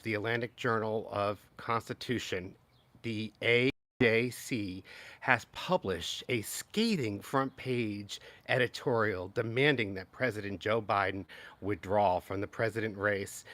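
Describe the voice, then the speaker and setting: A man hosting a live-stream political commentary, talking in an animated, exclaiming way and mocking others with high-pitched impressions. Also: dry recording. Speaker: political commentary channel host.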